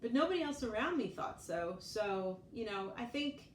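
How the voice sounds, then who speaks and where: A woman's voice: a little high, animated, normal speed. A woman in her forties, chatting casually as a vlogger. She tells stories, laughs often and acts out what other people said. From United States. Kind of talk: casual storytelling chat. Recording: echoey room, mic at a distance, faint noise.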